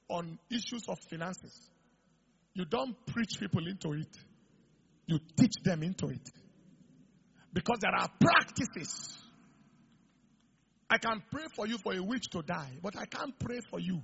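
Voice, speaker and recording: A middle-aged man preaching a sermon, building up to shouted declarations. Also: high voice, creaky, husky, lo-fi sound. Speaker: pastor.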